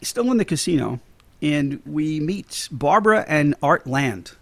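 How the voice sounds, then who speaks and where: A man's voice: fairly high pitch, lively intonation, measured pace, vocal fry, no room sound. A man hosting a casual movie podcast, chatty and laughing often, with many fillers and restarts. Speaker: podcast host.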